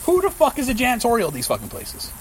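Ranting, foul-mouthed man, high voice. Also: huge pitch swings, fast talker, slight background noise. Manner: profane, ranting, heavy swearing. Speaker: podcast host. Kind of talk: casual podcast rant.

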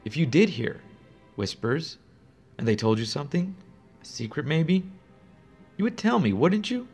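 A man's voice: a little high, sing-song, a little slow, a little mellow, slightly rough, soft background music, heavily acted. A man doing a cold, probing psychiatrist. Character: cold clinical male psychiatrist, quietly menacing.

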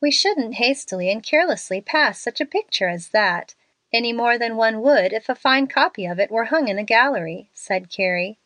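A woman's voice: normal speed, dry recording. A woman narrating a storybook, lifting her voice for the young women's lines. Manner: expressive, lifts pitch for the young women's lines. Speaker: audiobook narrator.

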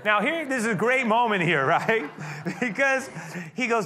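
A man preaching a sermon, retelling a story in a conversational way that swells into emphatic high points. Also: animated, moderate pace, hardly any pauses, pushed and bright. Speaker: pastor.

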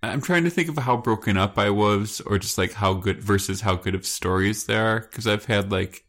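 A man's voice: on the low side, moderate pace. A man in his thirties co-hosting a podcast, teasing his co-host and telling stories in casual chat. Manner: teasing, giggly, animated questioning.

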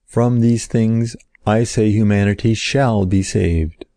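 Homme qui joue une prêtresse solennelle, voix grave et rocailleuse, ton mesuré. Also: male voice, lowish voice, fairly even intonation, mellow, dry recording. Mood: resolute. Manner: solemn, measured commands. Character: compassionate woman, head of a sacred temple.

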